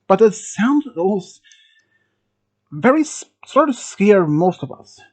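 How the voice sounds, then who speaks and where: A storyteller from Sweden telling a first-person horror story, halting, with restarts and phrasing. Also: mid-range voice, sing-song, a little mellow, breathy edge. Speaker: channel host telling a story.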